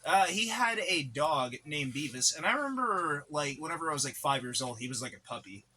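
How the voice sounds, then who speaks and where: A man's voice: on the high side, lively intonation, brisk, sharp tone, husky. A man co-hosting a podcast, telling long rambling stories in casual chat, packed with fillers and swearing. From Native American reservation community. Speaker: podcast co-host. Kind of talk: casual storytelling.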